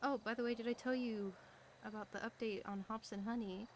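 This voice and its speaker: A woman's voice: fairly high pitch, fairly even intonation, a little fast, a little hiss or hum. A tired woman chatting in character during a roleplay stream, wry and blunt, swearing casually. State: tired late at night.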